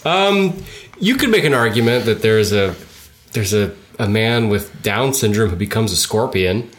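A man's voice: on the low side, lively intonation, a little slow, a little hiss or hum. A man co-hosting a podcast, joking and rambling in casual chat. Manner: joking, rambling, laughs often. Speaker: podcast co-host.

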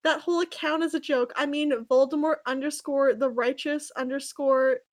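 A woman's voice: high-pitched, steady tone, normal speed, lightly acted. A woman doing a whiny sarcastic villain. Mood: defensive. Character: sarcastic young male atheist villain, whiny.

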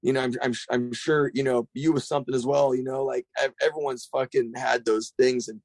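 A gravelly-voiced middle-aged man talks quickly and loosely, swearing freely as he rambles through skate stories. The sound is dry and close, with no room in it. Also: mid-range voice, no echo. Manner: profane, rambling, animated storyteller. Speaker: skate shop owner. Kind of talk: casual podcast chat.

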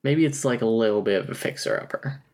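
A man's voice: lowish voice, animated, fast talker, gravelly, darkish tone. A man co-hosting a casual podcast, recapping a novel with wry humor and reading quotes aloud. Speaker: podcast co-host. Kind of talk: casual book recap chat.

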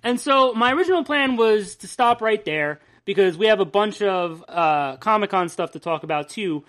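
A host in a casual chat, retelling at length in a rambling, profane, animated way. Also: mid-range voice, moderate pace. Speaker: podcast host.

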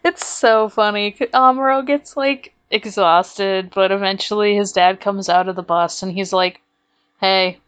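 Woman, podcast co-host, laid-back recap chat, unhurried, fillers and laughs. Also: mid-range voice, fairly even intonation, fairly bright tone, clean tone. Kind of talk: casual chat recapping an anime episode.

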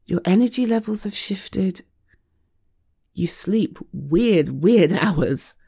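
Young woman playing a gentle partner in an audio role-play: slow, hesitant, soothing, gravelly and dark-toned. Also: medium pitch, expressive, no room sound, clean studio sound.

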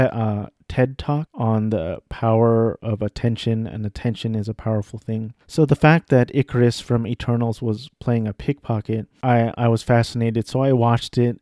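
A man's voice: medium pitch, mellow, no echo, clean studio sound. Rambling young man chatting about movies. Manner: rambling, self-correcting, offhand. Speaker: vlogger. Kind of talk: casual film chat.

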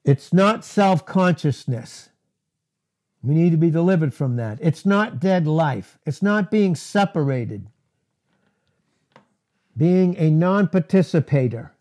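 A man preaching a sermon, deliberate and emphatic, repeating key words for stress. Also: fairly high pitch, expressive, dark tone.

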